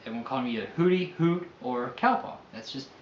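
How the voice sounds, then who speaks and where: A man's voice: mid-range voice, lively intonation, fast talker, echoey room, lo-fi sound, a little hiss or hum. A man from New Mexico answering accent questions in crude, joking casual chat, swearing often. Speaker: vlogger's boyfriend. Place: home room.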